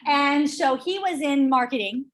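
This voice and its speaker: A middle-aged woman leading a real estate sales training, chatty and energetic, telling stories to the room. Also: sits high, unhurried. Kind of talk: training workshop talk.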